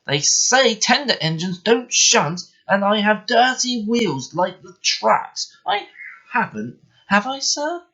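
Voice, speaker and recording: A man doing a meek, high little engine. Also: big pitch swings, slow, bright, forceful tone, muffled recording, full character voice. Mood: plaintive. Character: kindly old blue male tender engine.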